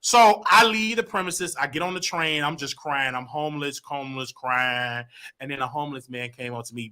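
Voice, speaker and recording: A man telling a personal story as a guest, animated and expressive, jumping into loud voices when quoting people. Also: medium pitch, normal speed, clear, resonant tone. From Chicago.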